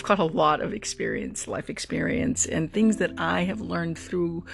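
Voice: medium pitch, a little slow, vocal fry. A podcast host in their forties, telling stories in an earnest, meandering way in a casual solo monologue. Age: 40s. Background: guitar music.

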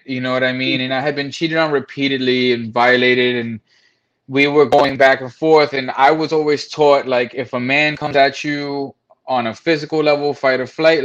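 A man's voice: medium pitch, fairly bright tone, muffled recording. A man frankly telling a personal story, blunt and profane, acting out what others said. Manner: frank, profane, acts out quoted voices.

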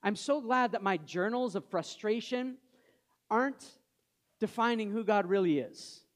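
Speaking in a high-pitched voice and taking his time, a male pastor gives a sermon like a conversation. He asks the congregation questions and lowers his voice to read scripture.

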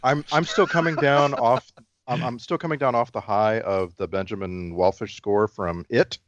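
A man talking casually on a movie podcast, hesitant and stop-start as he gathers his thoughts. His voice sits in a middle pitch. The recording is dry and a little dull. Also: steady tone, dry recording. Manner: hesitant, halting restarts. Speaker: podcast co-host. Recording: slightly dull, muffled mic.

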